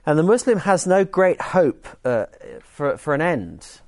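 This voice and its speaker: A man's voice: fairly high pitch, very animated, a little slow, a little mellow, dry recording. A man preaching a sermon in an earnest teaching tone, often restarting his sentences. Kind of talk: sermon with group activity.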